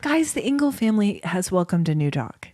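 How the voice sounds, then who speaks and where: A woman's voice: medium pitch, big pitch swings, fairly quick, no echo. Woman chatting on a podcast, dry mic. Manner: warm storytelling, laughs easily. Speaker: podcast co-host. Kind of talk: casual chat.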